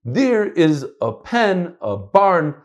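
A middle-aged man teaching a casual Talmud class, animated and swinging between loud and soft. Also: high voice, slow.

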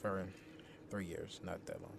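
A young man with a low voice teases his co-host with dry remarks in casual podcast chat. A faint hiss of background noise sits under the recording. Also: fairly even intonation, measured pace, creaky.

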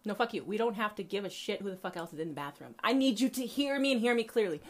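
A woman hosting a podcast, delivering a profane, impassioned monologue straight to her listeners, repeating herself for emphasis and swinging between quiet and loud. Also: medium pitch, animated, fast talker. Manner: profane, fiery ranting with big swings in volume. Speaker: podcast host.

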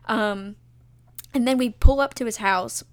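A young woman with a fairly high voice tells a personal story in an excited, gushing rush, peppering it with "like" and "you know." She sounds emotional and near tears as she recounts it. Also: unhurried. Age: young adult. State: tearful. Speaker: vlogger. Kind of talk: casual storytelling.

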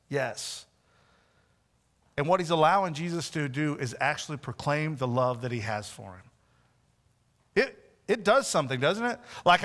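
A man preaching a sermon who acts out the voices in the story he retells, often dropping to a soft, close tone. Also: fairly high pitch, in a large hall. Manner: acts out quoted voices, drops to soft intimate tones.

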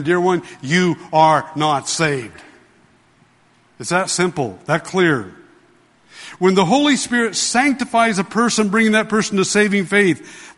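A man delivering a sermon in a slightly high voice, pressing his points with repeated phrases and questions to the congregation. His words ring out with a long reverb, as if carried through a large hall. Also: fairly bright tone. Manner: emphatic, asks the congregation questions; repeats key phrases, addresses listeners as "dear ones". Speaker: pastor.

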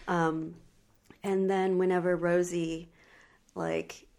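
A woman's voice: on the low side, animated, measured pace, pauses often, darkish tone, slight background noise. A woman in casual podcast chat, rambling through film scenes with many fillers.

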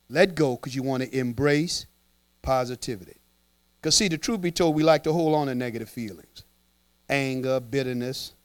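A man's voice: mid-range voice, no room sound. A man, a pastor, preaching a conversational sermon and acting out little scenes in other voices. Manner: animated, conversational, acts out voices.

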